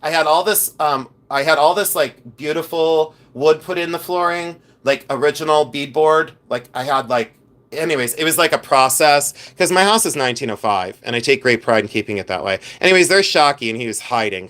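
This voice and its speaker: A man talks in a loose, chatty vlog manner, campy and full of animated asides. His voice sits slightly above the usual male pitch. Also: a little fast. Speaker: vlogger. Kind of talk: casual chat.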